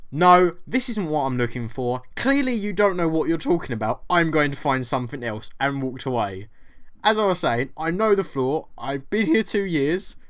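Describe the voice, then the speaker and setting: A young British man, a vlogger, telling a story in a lively way, acting out both sides of the exchange and swearing freely. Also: mid-range voice. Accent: British English. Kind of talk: storytelling vlog.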